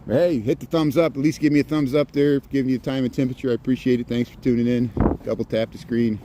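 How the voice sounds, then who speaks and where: A middle-aged man from rural Indiana with a Midwestern accent livestreams on a walk through a snowy city park. He rambles chattily and chuckles often, in a medium-pitched, steady, mellow voice and a fast delivery. A little hiss or hum is audible.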